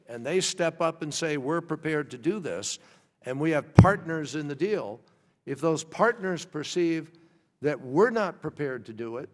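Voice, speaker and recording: A man, a government official, giving formal testimony at a hearing, measured and pausing often to restart his thoughts. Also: medium pitch. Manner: measured, with frequent hesitations and restarts. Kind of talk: formal testimony answering questions. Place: large hearing room. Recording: long reverb from a large hall.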